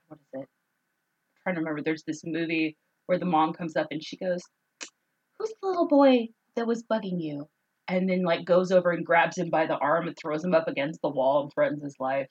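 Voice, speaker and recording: A woman's voice: fairly low pitch, breathy edge, highs cut off. Chatty joking woman retelling a story. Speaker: podcast co-host. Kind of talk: casual chat retelling a story.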